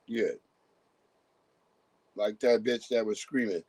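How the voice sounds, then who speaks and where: A man riffing through a livestream in a fairly high voice that swings widely up and down as he gets worked up. His talk is loose and profane. He often slips into acted-out voices of the people he quotes. The sound is close and dry. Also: expressive, a little slow, no echo. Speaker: livestream host. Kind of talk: casual livestream commentary.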